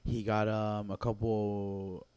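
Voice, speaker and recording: A young man with a mellow, smooth voice, a touch low in pitch. He recaps matches in a relaxed, meandering way, full of fillers. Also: slow, no room sound. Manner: laid-back, rambling recap with many fillers. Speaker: grappling training partner. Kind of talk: casual chat.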